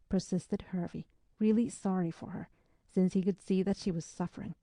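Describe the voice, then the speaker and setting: A woman narrating an audiobook in a measured, even storytelling manner. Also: lowish voice, no echo.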